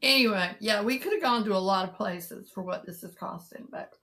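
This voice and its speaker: A woman's voice: mid-range voice, fairly quick, fairly bright tone, a little hiss or hum. A middle-aged woman, chatting casually and rambling to live viewers, greeting them by name. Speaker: live-sale seller and vlogger.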